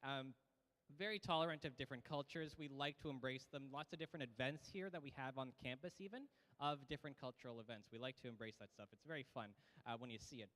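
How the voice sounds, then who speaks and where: A man's voice: medium pitch, quick pace, fairly bright tone, big-room sound. A man giving a casual, joking orientation talk to new students as the college's academic integrity officer. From Canada. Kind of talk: orientation presentation.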